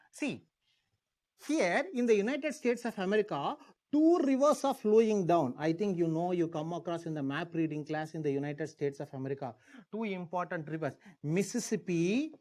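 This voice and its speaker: A man with an Indian English accent giving an exam-prep history lecture, repeating key words and asking the class questions as he teaches. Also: high-pitched.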